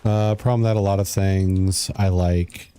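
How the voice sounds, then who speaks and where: A man's voice: deep voice, steady tone, unhurried, dark tone, clear, resonant tone. A young man streaming a game, chatting casually, reading chat aloud and muttering as he plays. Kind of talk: casual gameplay commentary.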